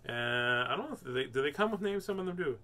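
An older man reads picture books aloud to a live audience, joking and chatting between pages. His voice sits fairly high and rings bright, swinging up and down with lively expression. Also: fast talker. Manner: playful, chatty, easily amused. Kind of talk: live read-aloud stream.

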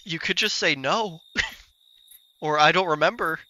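A man's voice: a little high, slow, pushed and bright, no room sound. A man streaming a game and playfully trolling its characters in casual commentary. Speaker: gaming streamer.

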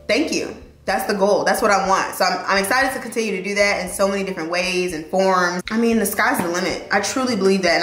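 Chatty young woman vlogger, slangy and animated. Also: medium pitch, roomy sound. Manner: animated, emotional, slangy and encouraging. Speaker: vlogger and lawyer. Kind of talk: chatty get-ready-with-me vlog.

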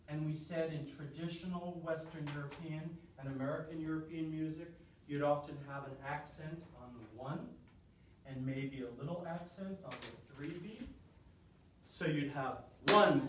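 A man's voice: a little high, distant mic, a little hiss or hum. A man lecturing a college class on rhythm, counting beats aloud and quizzing his students. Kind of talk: classroom lecture with clapping exercises. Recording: roomy classroom sound from off-mic.

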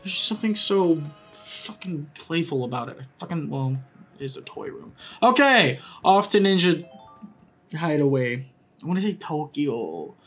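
A young man giving excitable, profane live commentary while racing in a kart game, often yelling at it. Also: on the high side, moderate pace, husky, faint music behind. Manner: excitable, swears a lot, yells at the game. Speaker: gaming YouTuber.

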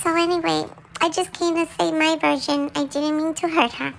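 Woman voicing a squeaky gravelly pet dog. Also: fairly even intonation, normal speed, a little hiss or hum, rough recording. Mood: chatty confessional. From Puerto Rico. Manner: chatty, switches between English and Spanish. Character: small excitable pet dog, playful and rough. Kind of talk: confessional monologue in a dog's voice.

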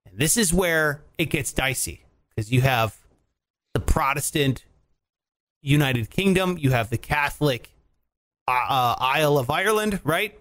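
High-pitched guy ranting on a podcast, swears a lot, really animated. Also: measured pace. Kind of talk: casual podcast chat.

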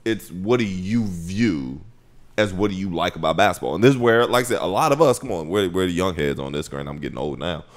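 A young man co-hosting a basketball podcast, laying out his view deliberately in a casual debate. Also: deep voice. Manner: deliberate, keeps saying "like I said". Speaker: podcast co-host.

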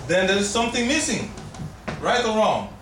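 A man's voice: high-pitched, sing-song, normal speed. A man teaching a language class and quizzing his students with questions. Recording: echoey room, camera far off, noisy.

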